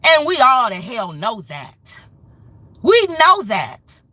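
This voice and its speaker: A woman's voice: on the high side, huge pitch swings, takes it slowly, bright, forceful tone, dry recording. A woman hosting a commentary show, speaking in an impassioned, angry, emphatic rant. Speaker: show host.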